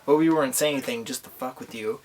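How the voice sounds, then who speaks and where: A man's voice: mid-range voice, fast talker. A young man who has been drinking rambles through a movie plot in a loose, crude vlog. He swears freely and keeps correcting himself as he meanders through the story. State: tipsy from drinking. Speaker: vlogger. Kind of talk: profane casual movie recap.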